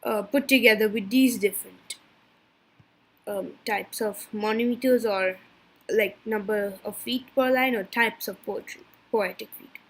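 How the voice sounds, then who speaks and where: A woman giving a class presentation from slides, halting and stumbling over technical terms. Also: medium pitch, breathy edge. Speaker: student presenter.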